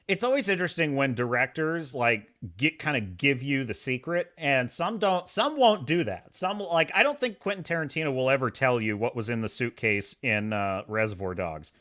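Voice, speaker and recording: A man hosting a live stream, talking in a sarcastic, animated way and reading chat messages aloud. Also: medium pitch, moderate pace, hardly any pauses. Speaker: podcast host.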